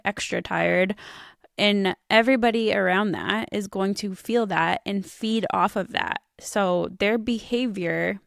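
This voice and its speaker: A woman's voice: medium pitch, vocal fry, no room sound, clean studio sound. A woman in her thirties co-hosting a podcast, chatting casually with lots of "um" and "like". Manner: chatty, uses many fillers like "um" and "like". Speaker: podcast co-host.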